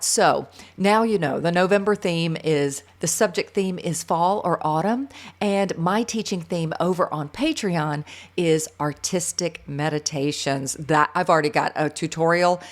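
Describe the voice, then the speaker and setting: Chatty Southern woman teaching painting. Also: on the low side. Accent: Southern US, faded. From Southern US, North Carolina. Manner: chatty, enthusiastic, thinks aloud with fillers. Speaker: art instructor. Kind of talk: real-time painting tutorial narration.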